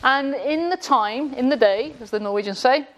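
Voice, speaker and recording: A woman's voice: high voice, normal speed. Sarcastic woman lecturing and quizzing a group. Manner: quizzing the audience. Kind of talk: classroom lecture with jokes. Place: indoor room with a live audience.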